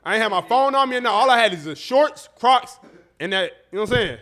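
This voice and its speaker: High-voiced man telling an animated story. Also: fast. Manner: animated, profane storytelling with acted-out quotes. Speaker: podcast co-host. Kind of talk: casual storytelling.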